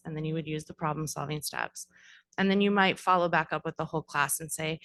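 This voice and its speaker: Woman at a school board meeting, low voice, a bit gravelly, chatty explainer w/ lots of ums. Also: lively intonation, quick pace, a bit bright. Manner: informal, uses many fillers and acted-out classroom examples. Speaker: district staff presenter.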